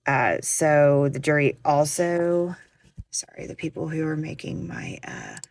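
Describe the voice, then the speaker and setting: Gal giving a casual true crime update, lowish voice, dry close sound, lots of ums. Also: female voice, very animated, unhurried, vocal fry, a little mellow, no room sound. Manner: chatty, emphatic, fillers and restarts. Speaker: true crime content creator.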